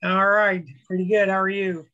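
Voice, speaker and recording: A middle-aged man with a notably high voice chats on a video call, rambling through a family story with easy restarts. He sounds relaxed and talkative, like a club member warming up before a talk. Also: normal speed, muffled recording. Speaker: club presenter.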